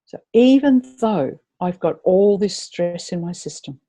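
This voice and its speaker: A woman's voice: on the low side, lively intonation, measured pace, dark tone. A woman leading a live tapping webinar, chatty and encouraging as she guides her attendees.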